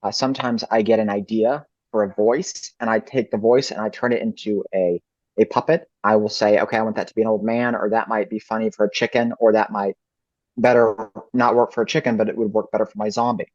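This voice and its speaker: A man's voice: on the low side, steady tone, brisk, darkish tone, dry recording. A man answering interview questions as a ventriloquist guest, reflective and thinking aloud. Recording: dull lo-fi dry recording.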